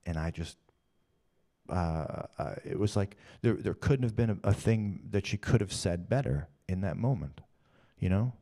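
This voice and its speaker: Deep gravelly man telling a story. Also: moderate pace, dark tone. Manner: rambling, repeats himself, emotional. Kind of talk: personal storytelling monologue.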